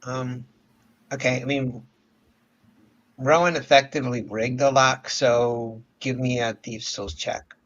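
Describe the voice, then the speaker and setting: A man acting as game master, narrating a tabletop game with measured, descriptive talk. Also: mid-range voice, fairly even intonation, a bit bright. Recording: dull lo-fi audio.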